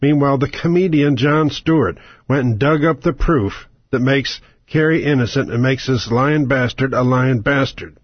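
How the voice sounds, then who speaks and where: A man's voice: medium pitch, moderate pace, hardly any pauses, breathy edge, no room sound, dull audio. A man hosting a talk radio show, ranting about politics with angry sarcasm, profanity and strings of rhetorical questions.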